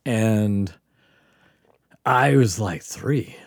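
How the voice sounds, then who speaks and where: Podcast guest, man from the Gulf Coast: lively, profane storyteller, swooping pitch, dead-dry sound. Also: drawn-out words, no room sound. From Mississippi Gulf Coast. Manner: animated, profane, laughing storyteller. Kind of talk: casual storytelling.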